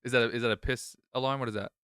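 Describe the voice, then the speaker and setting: Male co-host, smooth clear voice, teasing banter. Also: mid-range voice, steady tone, fairly bright tone, dry recording, clean studio sound. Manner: teasing, quick jokes. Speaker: podcast co-host. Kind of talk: casual chat.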